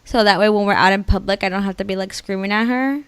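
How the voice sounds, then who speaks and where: A young woman co-hosting a podcast in casual chat, full of "like" and quick laughing asides. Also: mid-range voice, smooth, no echo. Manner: chatty, lots of "like" and laughing asides. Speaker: podcast co-host.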